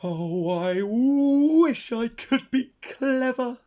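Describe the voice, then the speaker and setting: A man voicing a gentle storybook character who has suddenly become clever, mildly sly. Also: fairly high pitch, wildly swooping pitch, takes it slowly, slightly rough, full character voice. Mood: wistful. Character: gentle, newly clever Mr Dizzy. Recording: dull lo-fi recording.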